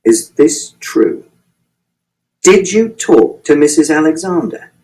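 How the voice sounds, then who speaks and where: A man's voice: wildly swooping pitch, normal speed, low-quality recording. A man voicing a stern, volatile middle-aged father who swears and grows furious, in an audiobook reading. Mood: quietly menacing. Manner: low, tight, swearing, fury building from a quiet start.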